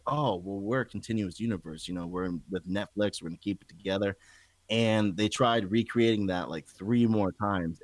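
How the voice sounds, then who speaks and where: Male podcast host, lowish voice, dry close sound, laid-back and joking. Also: no echo, poor audio. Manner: relaxed, profane, joking. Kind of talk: casual podcast chat.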